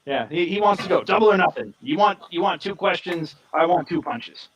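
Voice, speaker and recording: A man's voice: sits high, dull audio, slight background noise. Man narrating a tabletop game as game master. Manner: lively, quick to put on voices for side characters.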